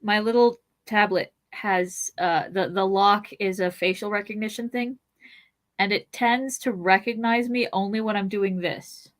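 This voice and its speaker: A woman co-hosting a podcast in casual chat, talking with quick asides and frequent laughter. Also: mid-range voice, fairly even intonation. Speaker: podcast co-host.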